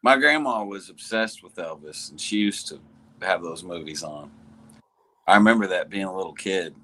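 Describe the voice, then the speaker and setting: A laid-back man chats on a podcast. His voice sits low yet moves up and down in lively swings. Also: moderate pace, poor audio. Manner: laid-back, laughs easily. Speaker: podcast co-host. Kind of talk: casual chat.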